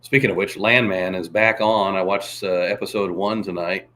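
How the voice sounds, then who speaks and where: A deep, pushed, bright voice with fairly even intonation at normal speed belongs to a man running a casual livestream. He meanders in conversation, voices viewer comments aloud, and tries impressions.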